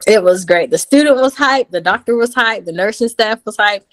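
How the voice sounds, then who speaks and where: A woman in her thirties tells her story with lively energy. She jumps up in pitch to act out quotes, then drops back to a casual, chatty voice. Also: moderate pace, poor audio. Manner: animated, acts out quotes in a high voice. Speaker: guest.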